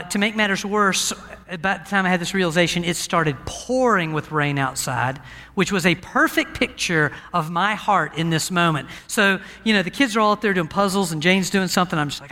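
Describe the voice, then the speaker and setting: A man preaching as pastor, telling a personal story in a conversational, animated way to a church. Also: sits high. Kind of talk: sermon. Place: church sanctuary with a balcony. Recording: church hall reverb.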